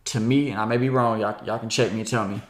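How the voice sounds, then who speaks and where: A man's voice: on the low side, steady tone, fast talker. A man hosting a casual podcast discussion, asking probing questions. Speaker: podcast host. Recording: echoey room.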